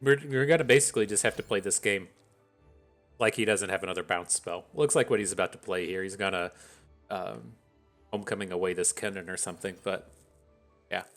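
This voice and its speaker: A man with a fairly low voice talks through his card game in a casual, thinking-aloud way. He weighs each play analytically and with a wry edge. Faint music plays underneath. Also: brisk, fairly bright tone. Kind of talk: casual gameplay commentary.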